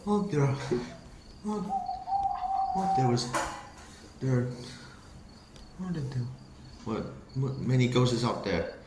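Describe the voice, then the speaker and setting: A man's voice: mid-range voice, sing-song, slow pace, pauses often. Man voicing several characters in a homemade train drama. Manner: switches between character voices, often frantic and shouting. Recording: roomy echo with loud background noise.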